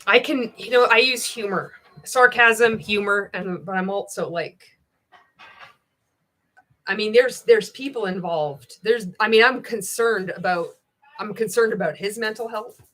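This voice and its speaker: A woman hosts a loose, chatty livestream and reads viewer comments aloud as she goes. Her talk is sarcastic and full of swearing, with frequent laughter mixed in. Her voice sits at an ordinary middle pitch for a woman. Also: a little slow, a bit bright. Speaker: livestream host. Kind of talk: casual livestream chat reading viewer comments.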